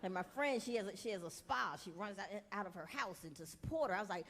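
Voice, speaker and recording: A woman doing a stand-up set with animated, indignant storytelling that bursts into yelling. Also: medium pitch, fast. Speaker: stand-up comedian. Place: large comedy venue before audience. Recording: big hall with roaring audience.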